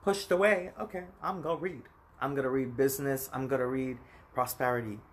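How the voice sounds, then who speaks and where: Casting: American man, 30s, rambling phone vlog, plain middle pitch, speaks straight to camera. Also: fairly even intonation, fairly quick. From United States. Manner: rambling, emphatic, talks straight at the viewer. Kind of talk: personal vlog monologue.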